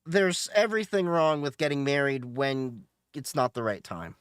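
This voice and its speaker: A man live-streams a game, joking with viewers, answering them, and laughing often. His voice is mid-range with a moderate pace and a clean tone, recorded in clean studio sound with no room noise.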